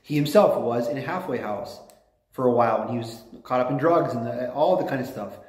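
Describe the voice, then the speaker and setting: A man's voice: medium pitch, fairly quick, darkish tone, echoey room, rough recording. A man giving an informal, enthusiastic lecture with digressions, sometimes reading passages aloud to his class.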